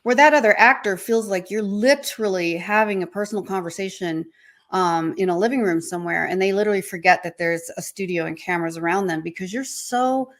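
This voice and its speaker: A woman co-host coaching listeners in an energetic, encouraging voice at a middle pitch. She talks through her ideas in a relaxed, conversational way. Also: brisk. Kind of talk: conversational podcast talk.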